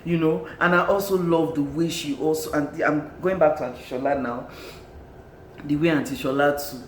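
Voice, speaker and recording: A film reviewer with a Nigerian accent, talking in a casual, animated and exclamatory way, often laughing and repeating words for emphasis. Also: medium pitch, moderate pace. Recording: echoey room with faint background noise.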